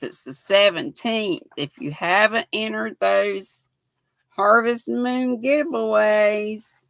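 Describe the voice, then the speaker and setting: Slow, gravelly older woman chatting. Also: medium pitch, a bit bright, dry recording. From United States. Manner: chatty, thanks viewers often, laughs easily. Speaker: livestream host. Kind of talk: casual livestream chat reading comments.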